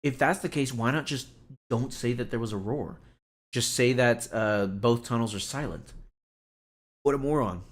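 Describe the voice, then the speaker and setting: Chatting casually on a live stream, a man rambles and sounds exasperated, filling his stories and reactions with "like." His voice is mid-range at a normal speed.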